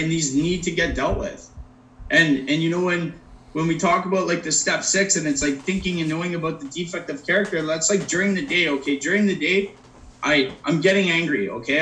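A man's voice: on the high side, a bit bright. A man giving a personal recovery talk, earnest and plain-spoken, who keeps checking in with his listeners by asking "right?". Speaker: recovery program speaker. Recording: roomy echo, mic at a distance.

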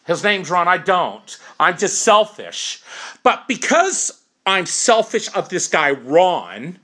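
Woman sharing recovery steps, lively pitch. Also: takes it slowly, breathy edge. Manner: conversational, explains through first-person examples. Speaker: recovery program speaker. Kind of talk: informal talk on recovery steps.

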